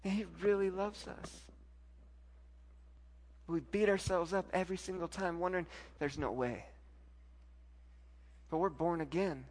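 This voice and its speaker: A pastor preaching a sermon, telling a personal story, moving from soft, intimate lines to loud, emphatic ones. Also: male voice, sits high, unhurried, long pauses.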